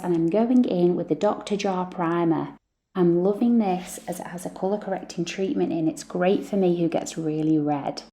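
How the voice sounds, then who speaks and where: Gravelly, low-voiced woman chatting makeup. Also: mellow. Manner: chatty and self-deprecating. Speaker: beauty vlogger, mum. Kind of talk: makeup tutorial chat.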